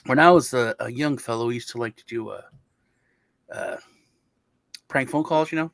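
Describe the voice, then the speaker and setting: A man's voice: medium pitch, moderate pace, creaky, a bit bright, no room sound. Male host, rambling casual storyteller, dry close recording. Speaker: crypto show host. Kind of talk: casual chat.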